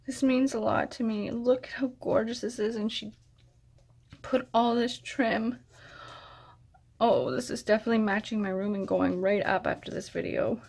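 A woman vlogger casually chatting as she unboxes craft mail, gushing with gasps of delight and talking softly to her friend. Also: a little high, steady tone, moderate pace, vocal fry. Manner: soft-spoken, addresses her friend directly.

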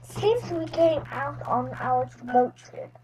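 A woman's voice: sits high, lively intonation, slow, a little mellow, slight background noise. A woman reading aloud and voicing a friendly grandfather pig in a children's storybook.

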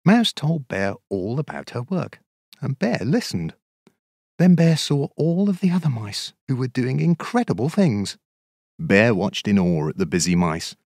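Slow, expressive male storybook narrator. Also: medium pitch, no echo. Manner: expressive, measured, sing-song. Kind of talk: children's storybook reading.

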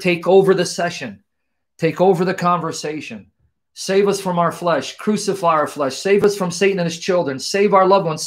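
Male host, higher register, fervent repetitive spoken prayer, computer mic. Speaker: Christian apologist host.

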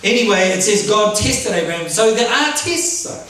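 High-voiced pastor preaching, laughs a lot, asks for amens, mic far off in a big echoey church. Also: male voice, moderate pace, crowd noise. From New Zealand. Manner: animated, laughing at his own jokes, calling for amens. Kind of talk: sermon. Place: church hall. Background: congregation answering.

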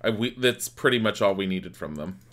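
A man's voice: lowish voice, expressive, brisk, fairly bright tone. A man streaming a live game playthrough, reading the game's text aloud between the commands he types.

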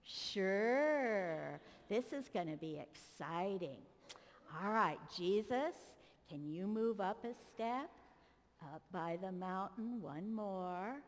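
Animated woman pastor in an echoey church. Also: medium pitch, takes it slowly. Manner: coaxing, directs children like a teacher with cheerful prompts. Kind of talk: children's sermon with a Bible story acted out. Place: church sanctuary. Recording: long echo of a large church.

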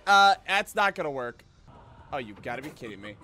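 A man streaming games who yells, yelps and swears at what happens on screen. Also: a little high, very animated, fairly quick. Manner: loud yelps, screams and swearing at the game. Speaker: VTuber streamer. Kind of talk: gaming stream commentary.

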